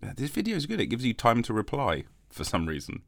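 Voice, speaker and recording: A man's voice: mid-range voice, wildly swooping pitch, quick pace, creaky, a little hiss or hum. A man hosting a comic solo podcast, rambling and mock-defensive, with a lingering cough after covid. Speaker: podcast host.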